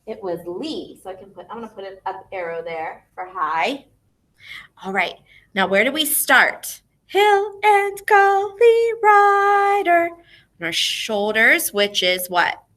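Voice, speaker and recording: A woman teaching a music lesson to young children online. She speaks expressively and clearly, asking questions and then answering them herself. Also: mid-range voice, measured pace, pushed and bright.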